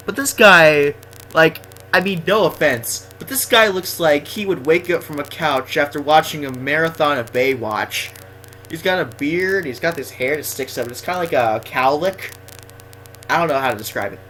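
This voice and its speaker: Young guy rambling about school stories over gameplay, bright tense voice, bit high. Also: lively intonation, normal speed, slight background noise, poor audio. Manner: rambling, self-deprecating, chatty. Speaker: gaming vlogger. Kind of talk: casual storytelling over gameplay.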